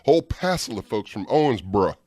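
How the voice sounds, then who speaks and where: A man's voice: on the low side, sing-song, fast, darkish tone, dry recording, clean studio sound. A man co-hosting a morning radio show, chatty and joking, recalling his own past while he questions a guest. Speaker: radio co-host. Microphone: studio microphone.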